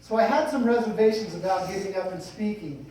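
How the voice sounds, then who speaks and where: A middle-aged man delivers a funeral eulogy in a loose, folksy way, drifting between gentle jokes and sincere memories. He is heard from some distance in a very reverberant hall. A faint hiss of noise sits underneath. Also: high-pitched, animated, a little fast. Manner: folksy, rambling, with light humor. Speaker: son giving a eulogy.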